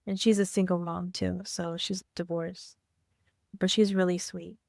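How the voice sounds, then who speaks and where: Woman, podcast co-host, low gravelly voice, reflective soft chat. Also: little pitch movement, measured pace, dry recording, clean studio sound. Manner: reflective, soft-spoken, many fillers. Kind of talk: casual heartfelt chat.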